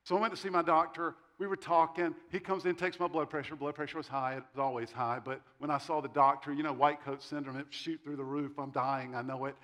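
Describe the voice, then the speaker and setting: A middle-aged man preaching in a storytelling way. His voice sits a little higher than most men's, and he slips into quick quoted dialogue and wry jokes about himself. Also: level tone, fairly bright tone. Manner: storytelling with self-deprecating humor and quoted dialogue. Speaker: pastor. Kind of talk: sermon.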